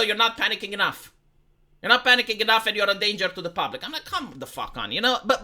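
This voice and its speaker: A Romanian man with a high-pitched, sharp voice, a political commentator streamer, gives his viewers an opinionated monologue. He rants and frequently restarts his sentences.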